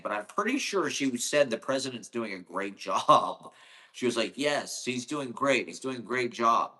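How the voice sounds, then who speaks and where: A man from Ohio rambles through a solo monologue, sarcastic and heavy on the profanity. His voice sits at an ordinary pitch but has a bright, forceful edge. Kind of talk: casual ranting monologue.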